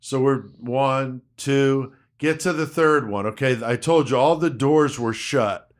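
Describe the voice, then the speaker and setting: A man casually telling a rough work story, cursing constantly and acting out the quotes. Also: medium pitch, unhurried. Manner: profane, animated, acts out quotes.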